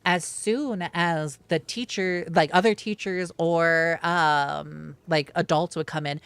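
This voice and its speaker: A man's voice: on the high side, steady tone, takes it slowly, vocal fry, fairly bright tone, clean tone, dry recording. Rambling, swearing man telling stories. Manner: rambling, swearing, many fillers. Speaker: livestream storyteller. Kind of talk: casual storytime chat.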